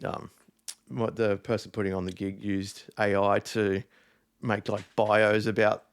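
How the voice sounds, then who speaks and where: Dj guy talking loose and rambly, kinda gravelly, drops swears. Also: fairly low pitch, little pitch movement, a little slow. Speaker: DJ guest. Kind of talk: casual chat.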